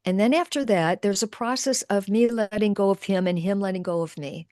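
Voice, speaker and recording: A middle-aged woman, a spiritual teacher on a video call, explains her process with lively energy, then softens into hushed, slow meditative speech. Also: mid-range voice, dry recording, studio quality. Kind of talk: guided demonstration with narration.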